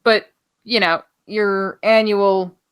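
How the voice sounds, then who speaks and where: A woman with a smooth, mid-range voice and fairly even intonation talks slowly as a podcast co-host. She goes over wrestling news offhandedly, rambling, swearing freely and filling silences with ums.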